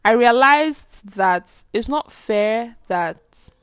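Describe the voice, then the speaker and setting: A woman's voice: fairly high pitch, lively intonation, very slow, smooth, no room sound. Chatty woman podcasting, dry sound. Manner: chatty, emphatic, repeats herself. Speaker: podcast host. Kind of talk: casual solo podcast chat. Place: bedroom at home.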